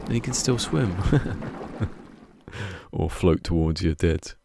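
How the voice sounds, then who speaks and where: Brief: a streamer, low voice that swings up and down, chatty and self-muttering. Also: male voice, animated, slow, vocal fry. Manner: chatty, muttering to himself, laughs often. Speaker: gameplay streamer. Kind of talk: casual live gameplay commentary. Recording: loud game noise behind.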